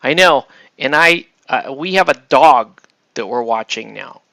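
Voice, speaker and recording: A man's voice: mid-range voice, expressive, a little slow, vocal fry, sharp tone, no room sound. A man hosting a casual painting tutorial, chatty and rambling as he works, often checking in with "right?". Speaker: miniature painting host. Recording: dull lo-fi dry sound.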